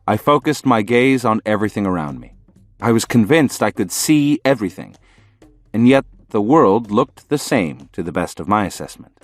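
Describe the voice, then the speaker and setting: A man narrating an audiobook in measured, storytelling fashion. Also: lowish voice, lively intonation, no echo, faint music behind.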